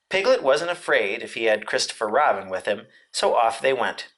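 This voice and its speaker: Lively man reading a storybook aloud. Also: medium pitch, normal speed, few pauses. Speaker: teacher.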